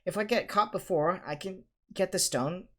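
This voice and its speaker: A man's voice: high voice, moderate pace, pushed and bright, pitched above the performer's own voice. A man doing an urgent, defiant schoolboy. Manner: urgent and pleading. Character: brave, stubborn schoolboy wizard.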